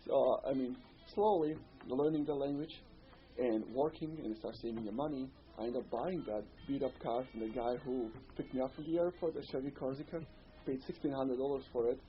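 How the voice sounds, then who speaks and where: A man with a Bosnian accent reminisces in a relaxed, rambling way, peppering his story with "you know." His voice sits in a middle pitch. The recording is a little dull, with a faint hiss underneath. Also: brisk. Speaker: interviewee. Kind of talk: oral history interview.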